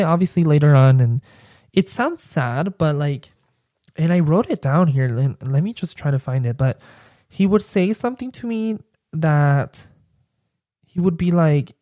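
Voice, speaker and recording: A man's voice: a little high, mellow, dry recording, clean studio sound. A young man, a podcast host, telling a personal story in a casual, rambling way and filling his speech with "like". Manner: rambling, heavy use of "like" as filler.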